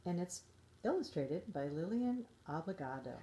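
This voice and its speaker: A middle-aged woman reading a storybook to young children in a gentle, expressive way. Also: on the low side, moderate pace. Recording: roomy echo.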